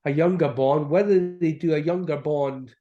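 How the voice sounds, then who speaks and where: A man's voice: on the high side, normal speed, mellow, highs cut off. A middle-aged man with an Aberdeen Scottish accent, chatting as an actor guest in an interview, rambling with many restarts. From Aberdeen, Scotland. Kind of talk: casual interview chat.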